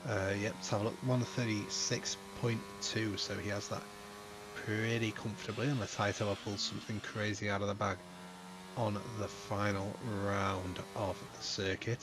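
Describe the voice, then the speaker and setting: Man, low voice, casual stream commentary, joking host. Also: flat delivery, normal speed, noisy background. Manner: joking, swears freely.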